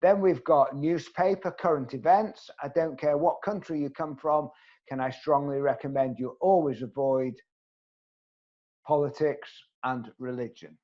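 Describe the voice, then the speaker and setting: A man leads an online training session, earnest and emphatic, often turning to ask his listeners direct questions. His voice sits slightly high for a man. The video-call audio sounds dull and lo-fi. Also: fairly even intonation, a little slow. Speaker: networking trainer.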